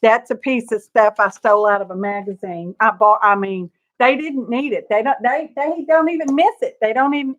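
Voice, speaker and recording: A woman's voice: a little high, normal speed, hardly any pauses, a bit bright. An older woman, chatty and gushing, hosting a live craft show-and-tell from her studio. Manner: chatty and gushing, greets viewers by name, frequent laughs. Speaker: craft channel host.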